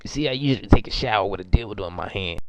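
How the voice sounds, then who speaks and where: Rapid-fire and lowish, a young man's lightly acted voice carries an improvised comedy monologue as a crude, boastful, foul-mouthed character. He rambles, stumbles, curses, and uses lots of fillers. The recording is a muffled lo-fi amateur one with no room sound.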